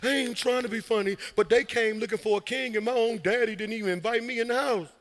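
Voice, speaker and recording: A fed-up young shepherd man whining about being left out in the field , as a man acts him out. His voice rides high and bright and gets loud in exasperation. A long hall reverb rings around him. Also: fast talker. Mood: exasperated. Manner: whiny, exasperated complaining.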